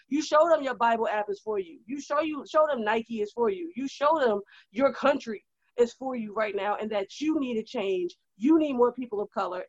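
A woman co-hosting a casual chat at her desk, talking in an animated, rousing and exhortative way. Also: fairly high pitch, dry recording. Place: at a desk indoors. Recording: dull, lo-fi, dry recording.

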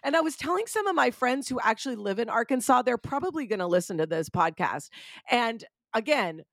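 A woman's voice: on the high side, sing-song, a little fast, vocal fry, no echo, studio quality. A young adult woman hosting a podcast, chatting casually with her guest, laughing often and talking straight to her listeners. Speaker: podcast host. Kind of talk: casual chat.

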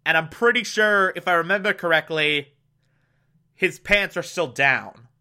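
Man, high voice, unhurried, casual animated episode recap. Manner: animated and exclamatory. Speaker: show recapper.

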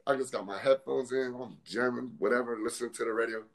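A man's voice: medium pitch, steady tone, fast talker. A man in casual chat, telling a story with slang and laughing his way through it.

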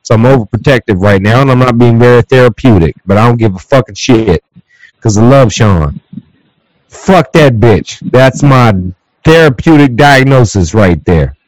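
A man's voice: mid-range voice, lively intonation, moderate pace, no echo, low-quality recording. Man, podcast host, swears freely, emotional and protective, dry close sound. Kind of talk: casual chat among childhood friends.

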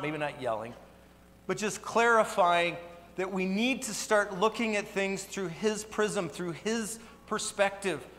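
A pastor gives a sermon in an earnest, conversational manner, his voice a little higher than most men's. He speaks in a church sanctuary, and his words trail off into a long reverb. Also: fairly bright tone.

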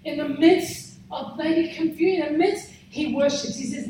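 A woman preaching a fervent sermon, often urging "come on" and swinging between shouting and quiet. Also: high-pitched, moderate pace. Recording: echoey hall, speaker far from mic, faint noise.

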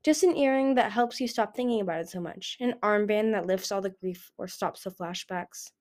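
Woman doing a smooth, confident young male dragon, teasing and persuasive, audiobook character. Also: mid-range voice, moderate pace, a little mellow, lightly acted. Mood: coaxing.

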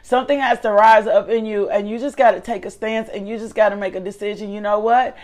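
A woman's voice: mid-range voice, steady tone, fast, a little mellow. A middle-aged woman hosting a faith talk show, preaching with fervent, emphatic repetition. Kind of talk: preaching, motivational devotional talk. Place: her living room.

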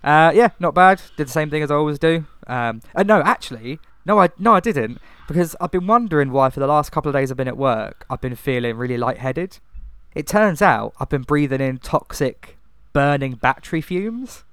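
A young man chatting casually, with plenty of swearing and laughter. His voice comes across smooth and clear, recorded close and dry with no room sound. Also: on the high side, lively intonation, brisk, fairly bright tone, no room sound. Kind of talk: casual chat.

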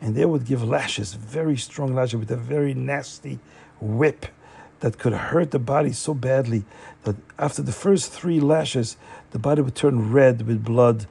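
A man narrates a story in a loose, chatty way, with frequent fillers and restarts. His voice is gravelly and husky, pitched slightly high but dark and mellow in tone. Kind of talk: casual oral storytelling.

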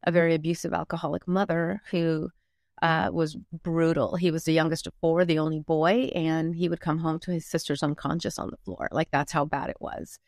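A woman, a motivational speaker and coach, telling her life story candidly in an interview, earnest and reflective with frequent pauses. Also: low-pitched, level tone, a little mellow, no echo, studio quality.

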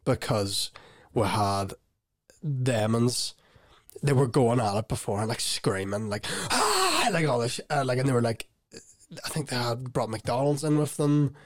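A man's voice: mid-range voice, steady tone, normal speed, no echo, clean studio sound. A young man, rambling and laughing as he tells a story on a casual podcast. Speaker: podcast co-host. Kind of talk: casual chat.

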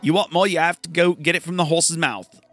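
A man voicing a streetwise Cockney thief woman in a game, in a deliberately bad put-on Cockney accent. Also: a little high, steady tone, a bit bright, dry recording, soft background music, voice pushed up. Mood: knowing.

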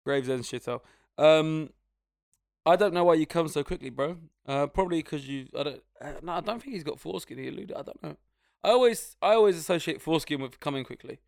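A young man tells stories on a podcast, full of swearing, and he puts on quick voices for the people in them. His voice sits a little high and has a gravelly fry. It is recorded dry and close to the mic. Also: darkish tone, no room sound. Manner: swearing storyteller, acts out voices. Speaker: podcast co-host. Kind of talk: casual chat.

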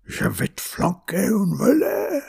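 A man's voice: huge pitch swings, a little slow, vocal fry, darkish tone, husky, full character voice. A man doing a shrieking old French grandmother. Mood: hissing threat. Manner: shrill, screaming in broken franglais. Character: ferocious frenzied elderly French grandmother.

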